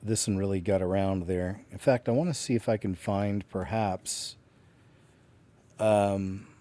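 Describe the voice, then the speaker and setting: A man's voice: on the low side, fairly even intonation, measured pace, mellow. A man hosting a reaction show, tossing in wry, joking asides between clips. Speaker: host. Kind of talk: reaction commentary.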